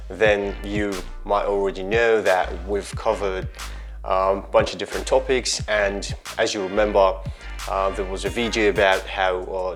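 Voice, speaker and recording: A man with a somewhat low voice hosts an online pronunciation lesson. He talks to his viewers in a chatty, storytelling way, with faint music playing behind him. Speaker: English pronunciation teacher. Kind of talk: online video tutorial.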